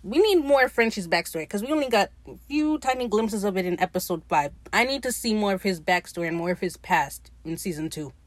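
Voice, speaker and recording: A woman hosts a podcast and recaps a TV episode in a loose, chatty way. She swears freely and gushes like a devoted fan. Her voice sits at an ordinary pitch and sounds dry and close, with no room sound. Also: expressive, brisk, dry recording. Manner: profane, gushing fan commentary. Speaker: podcast host.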